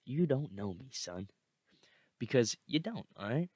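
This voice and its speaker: A man's voice: medium pitch, sing-song, unhurried, a little mellow, slightly rough, dry recording, muffled recording. A young man hosting a podcast, speaking earnestly and with growing fire about motivation. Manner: earnest, repetitive, fired up. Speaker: podcast host.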